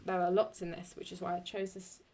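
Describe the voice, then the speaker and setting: A woman teaching Latin poetic meter in a chatty way, thinking aloud and correcting herself, and reading Latin lines slowly and deliberately. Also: fairly low pitch, level tone, a little mellow, a little hiss or hum. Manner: slow, deliberate Latin recitation. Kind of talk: screen-recorded lesson.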